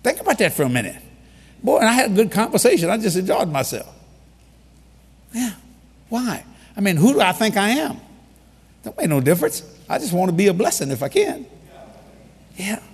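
A man preaching a humorous storytelling sermon in a large hall, animated and repeating key lines for emphasis. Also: sits high, normal speed, pauses often, husky. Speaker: preacher leading a ministry. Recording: long reverb of a large hall.

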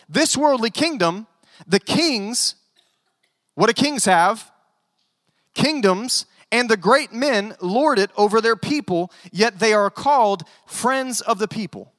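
A male pastor preaching a sermon in an animated way, with joking asides. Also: high-pitched, no echo, long reverb tail.

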